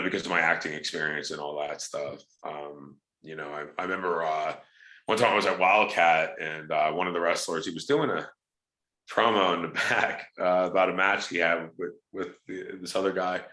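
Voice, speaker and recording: A man's voice: low-pitched, a little fast, reverberant. A man, a wrestler and actor, chatting casually in an interview and telling stories with acted-out quotes. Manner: animated storyteller, acts out quoted voices.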